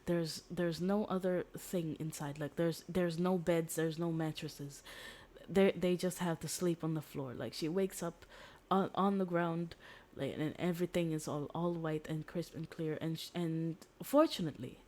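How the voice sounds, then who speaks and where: Rambling young woman streamer, low voice. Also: steady tone, normal speed, a little mellow. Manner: rambling, lots of fillers and restarts, swears casually. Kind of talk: casual chat, retelling a story.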